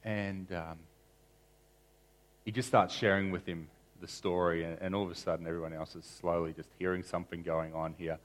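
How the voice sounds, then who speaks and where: Deep-voiced earnest male preacher. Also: flat delivery, normal speed. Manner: earnest, often repeats words as he restarts. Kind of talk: sermon story and spoken prayer.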